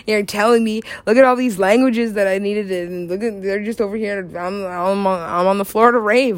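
A woman's voice: medium pitch, a little fast, hardly any pauses, no room sound. A young woman rambling through a wild story, giggling often, swearing freely and trailing off mid-thought. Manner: giggly, excitable, profane, trails off.

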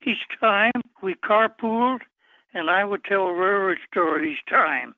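An older man answering interview questions about his book in a plain, measured storytelling way. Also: high-pitched, no echo. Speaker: guest author. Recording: tinny phone line.

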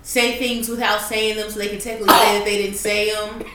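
A woman's voice: mid-range voice, little pitch movement, fairly quick, fairly bright tone. A young woman in a casual group chat, speaking frankly and bluntly. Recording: echoey room with faint noise.

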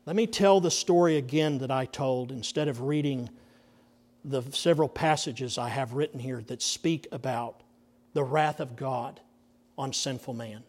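A middle-aged male pastor preaching a sermon, earnest and dramatic, dropping to hushed near-whispers for emphasis. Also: medium pitch. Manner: earnest, slow and deliberate phrasing.

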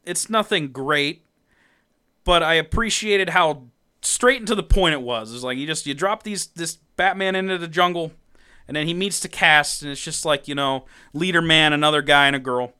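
A man co-hosting a podcast, recapping a comic in casual chat, animated, laughing often and swearing freely. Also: on the high side, moderate pace, clear, resonant tone. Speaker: podcast co-host.

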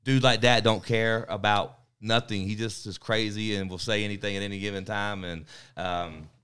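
A man's voice: lowish voice, steady tone, moderate pace, a bit bright, clean tone. A man in his forties, a guest on a talk show, chatting in a laid-back way and trailing off with fillers. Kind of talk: casual chat.

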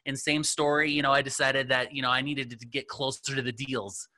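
A man's voice: mid-range voice, flat delivery, fairly quick, bright, forceful tone. A middle-aged man, a real estate agent, telling his story in a casual, rambling interview and acting out the dialogue he quotes. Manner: rambling, full of fillers, acts out quoted dialogue.

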